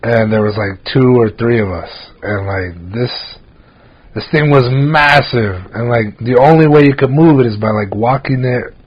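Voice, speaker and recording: A male podcast co-host with a medium-pitched, slightly rough voice chats casually at a moderate pace, telling rambling stories packed with "like" and other fillers. The audio sounds dull.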